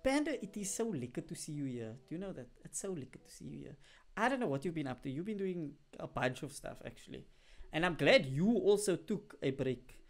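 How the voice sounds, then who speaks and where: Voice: medium pitch, a little fast. A young adult streamer, chatting casually to a live audience in a rambling way, full of fillers. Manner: animated bursts when greeting viewers. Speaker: live streamer talking to chat.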